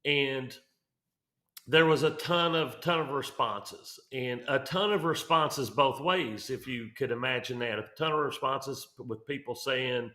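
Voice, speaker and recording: A man's voice: mid-range voice, a little slow, pushed and bright, reverberant. A man talking through mortgage numbers on a real estate show, rambling with lots of fillers and restarts. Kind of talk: casual podcast explainer.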